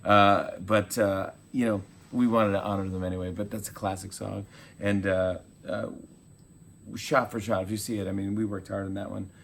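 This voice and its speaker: A man in his forties, a talk show host, telling animated stories in a casual interview and acting out quotes. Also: lowish voice, normal speed, vocal fry, slight background noise. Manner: animated storyteller, acts out quotes.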